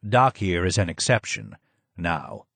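A man voicing a calm, measured Persian man who speaks low and steadily. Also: creaky, no room sound, full character voice.

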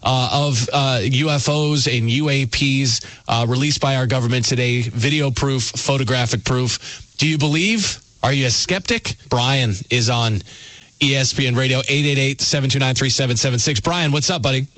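A man hosting a radio call-in show, talking casually and excitedly with callers. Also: medium pitch, moderate pace, no room sound, rough recording. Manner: excitable, casual, gives out the phone number. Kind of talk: sports radio talk. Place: radio studio. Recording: dry studio sound.

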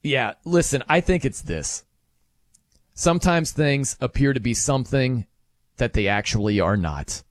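A man hosting casual sports commentary, animated and wry, acting out quotes in little voices. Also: medium pitch, measured pace, no echo, clean studio sound. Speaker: sports talk host.

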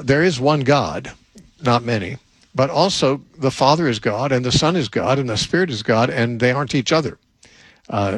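An older man, a Bible teacher, answering a question in thoughtful unscripted talk with frequent restarts and a slightly husky voice. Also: medium pitch, dry recording, low-quality recording.

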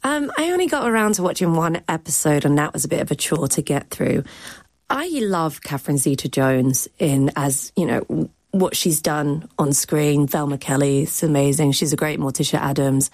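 A woman's voice: deep voice, moderate pace, a little mellow, no echo. A woman critic and cultural commentator giving chatty, frank opinions on a radio show.

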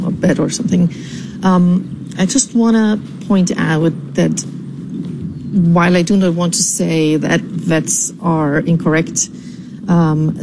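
A woman from California leaving a measured, deliberate voicemail for a podcast, with many pauses and ums. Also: sits low, vocal fry, noisy background. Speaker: caller.

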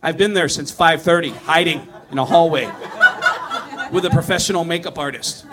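Animated male comic telling a story. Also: a little high, moderate pace, noisy background. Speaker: stand-up comedian. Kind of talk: stand-up storytelling.

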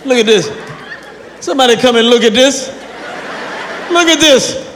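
Comedian doing a blustering cussing old grandpa. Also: male voice, sits high, lively intonation, moderate pace. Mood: fussing. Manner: loud, blustering, repetitive. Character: cussing old southern grandpa, grumpy and rambling. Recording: live comedy club, crowd noise, long reverb.

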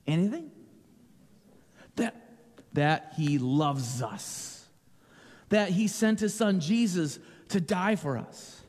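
A man giving a playful children's sermon with a naturally loud voice, asking the kids questions and joking with them. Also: high-pitched, animated, takes it slowly, pauses often, in a large hall. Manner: playful, asks children questions, repeats jokes.

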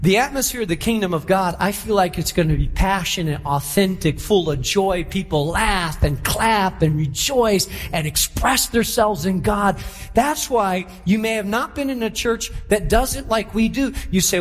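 Pastor, male, animated preacher who acts out quoted voices, high voice, long church reverb. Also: normal speed, faint music behind. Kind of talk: sermon.

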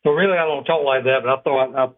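A man with a thick South Carolina Southern accent calling in to a radio show, playful and quick. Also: medium pitch. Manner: playful, fast. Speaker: caller. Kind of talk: call-in radio talk. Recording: dull phone line.

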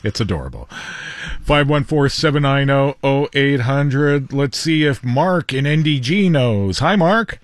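Upbeat male call-in host, lively delivery, dry studio mic. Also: mid-range voice, dry recording. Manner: upbeat, chatty, quick laughs. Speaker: radio show host. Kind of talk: call-in radio chat.

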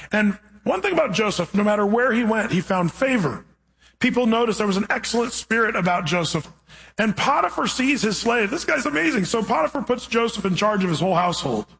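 A man preaching a sermon, reading scripture and then retelling the story with animated, playful asides. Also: high-pitched, low-quality recording.

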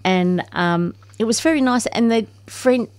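A woman's voice: a little high, unhurried, a little mellow, clean tone. A woman with an Australian accent, chatting as a guest and often trailing off mid-sentence. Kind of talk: casual radio chat.

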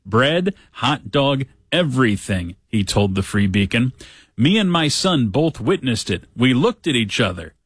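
A man hosting a talk show, reading a news story aloud with sarcastic asides and lively quoting. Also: medium pitch, a little slow, slightly rough, no room sound. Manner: sarcastic, animated when quoting others. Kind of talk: casual commentary reading news.

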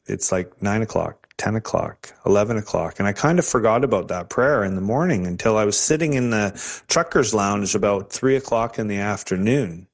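Earnest man telling his faith story. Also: lowish voice. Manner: earnest storytelling, emotional, with many restarts. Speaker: interview guest. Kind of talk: personal faith testimony.

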